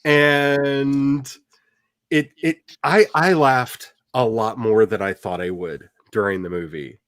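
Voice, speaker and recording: Male host, casual chat, animated rambler, mid pitch, dry close sound. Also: slow, clear, resonant tone, no echo. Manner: animated, rambling with many fillers.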